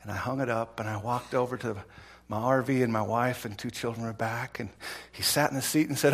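A man preaching a sermon, telling a story in a folksy, animated way and acting out the voices of its people. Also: medium pitch, a little fast. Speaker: pastor.

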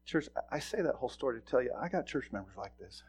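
Folksy, animated man preaching a sermon. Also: mid-range voice, quick pace, gravelly, husky. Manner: folksy, animated storytelling with sudden loud bursts. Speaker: pastor. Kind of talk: sermon with a personal story.

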